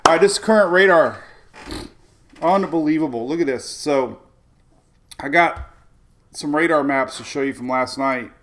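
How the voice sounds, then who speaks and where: A man's voice: a little high, a little slow, pauses often, a bit bright, slight background noise. A man in his forties hosting a casual morning live stream, rambling chattily, greeting viewers by name and talking to his dogs, from his home in Florida. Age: 40s. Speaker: weather streamer host.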